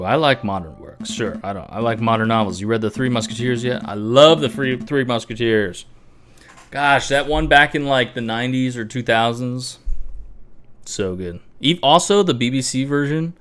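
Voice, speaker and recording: A man's voice: medium pitch, normal speed, a bit bright. A man hosting a gameplay channel, rambling casually as he comments on the game. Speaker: gaming channel host. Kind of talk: casual let's-play commentary.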